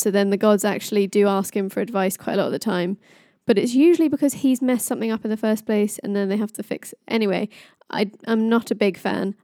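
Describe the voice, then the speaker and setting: Casting: young woman podcaster, casual myth retelling, mellow voice, dry close sound. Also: medium pitch, no echo. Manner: chatty, jokey asides, laughs. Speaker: podcast storyteller.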